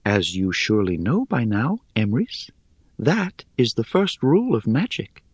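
A man's voice: medium pitch, wildly swooping pitch, a little slow, husky, no room sound, heavily acted. A man voicing an ancient female spider in a small, airy voice, wry, teasing and superior, in a storybook reading.

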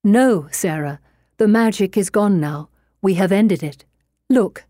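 A woman's voice: mid-range voice, slow pace, mellow, no echo, studio quality, natural voice. A woman voicing a frightened young woman who pleads and insists. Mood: insistent.

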